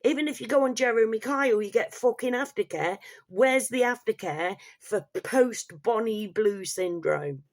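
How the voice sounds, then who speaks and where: A woman's voice: on the high side, animated, normal speed, few pauses. A woman delivering a heated, sweary rant straight to her viewers in a vlog. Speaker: vlogger. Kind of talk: ranting vlog monologue.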